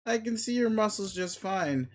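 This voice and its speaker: A man reading as a deadpan unimpressed guy. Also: high voice, normal speed, pitched above the performer's own voice. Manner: flat, curt, dry refusals. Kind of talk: dramatic reading of a webcomic.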